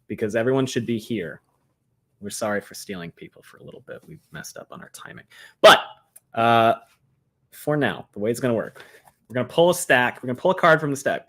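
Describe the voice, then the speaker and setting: A man co-hosting a podcast livestream, explaining game rules casually with many fillers and restarts. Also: medium pitch. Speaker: podcast co-host.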